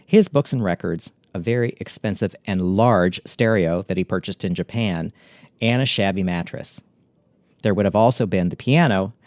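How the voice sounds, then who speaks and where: A middle-aged man telling a memoir story in a wry, catty, deadpan way. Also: low voice, dry recording.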